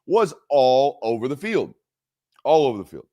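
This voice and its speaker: A male sports talk host with a lively, swinging pitch and a middle-range voice. He talks emphatically, repeats his points for effect and curses casually. Solo commentary delivered straight to the audience. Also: normal speed. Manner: emphatic, repetitive, swears freely. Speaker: college football show host.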